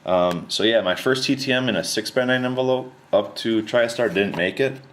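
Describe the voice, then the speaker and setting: A man chatting casually to camera about his collection, rambling and relaxed, with plenty of slang and fillers. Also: medium pitch, normal speed. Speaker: card collector showing his mail returns.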